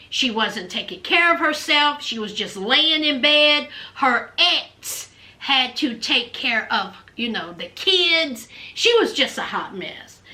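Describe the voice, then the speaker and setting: A woman recaps a reality show in a sassy, chatty way. Her voice is high and bright. Her pitch swings widely, and she speaks slowly. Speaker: vlogger.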